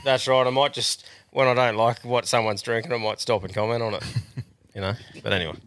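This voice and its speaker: A man's voice: medium pitch, fairly even intonation, a little fast, a bit bright. A man with an Australian accent hosting a podcast, swearing freely in crude, laid-back banter. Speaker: podcast host. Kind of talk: casual banter.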